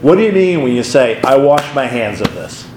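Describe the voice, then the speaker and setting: Male pastor, conversational Bible teacher, animated storyteller, echoey room. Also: mid-range voice, moderate pace, a little hiss or hum.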